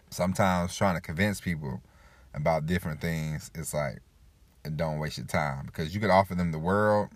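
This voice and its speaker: A man's voice: low-pitched, no room sound. A man hosting a casual motivational talk, rambling and repeating himself, acting out quoted people as he goes. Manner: rambling, repeats 'you know', acts out quoted voices. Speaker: podcast host.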